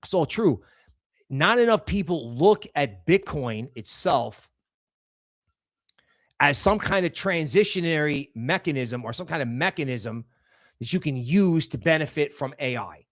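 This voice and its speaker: A man's voice: on the high side, expressive, unhurried, pauses often, a bit bright. Rambling man. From New York area. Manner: rambling, emphatic, with frequent restarts. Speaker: crypto livestream host. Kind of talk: casual livestream commentary.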